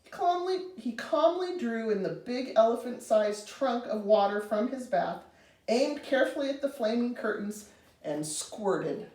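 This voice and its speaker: A woman reading a children's storybook aloud in an expressive, animated way. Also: a little high, a little slow, distant mic. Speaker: storybook reader. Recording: roomy, reader away from mic.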